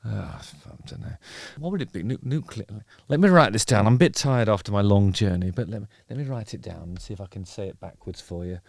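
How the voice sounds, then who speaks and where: A man's voice: lowish voice, expressive, fairly quick, vocal fry, darkish tone, dry recording, clean studio sound. A middle-aged man hosting a casual music video reaction, rambling and wry with playful digressions.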